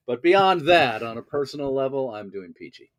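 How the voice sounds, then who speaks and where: A man's voice: medium pitch, sing-song, moderate pace, no room sound. A man, raised in the American South, telling stories as an actor guest in a casual interview, wordy and self-mocking.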